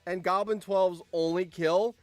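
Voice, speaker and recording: A man's voice: sits high, fairly even intonation, measured pace, no room sound, faint music behind. A man streaming and commenting on a game, reading out results, laughing often and swearing.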